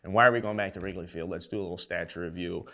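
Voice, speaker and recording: A man's voice: deep voice, racing. A young man hosting a sports show, ranting in a rowdy, rambling, comedic way and swearing freely. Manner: profane, excitable, rambling. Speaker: show host.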